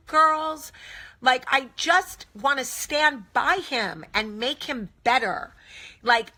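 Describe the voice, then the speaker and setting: A woman putting on the voice of a sugary, submissive young wife who preaches slowly and sweetly to other ladies. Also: sits high, bright, forceful tone, full character voice. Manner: syrupy and slow, preachy to the ladies.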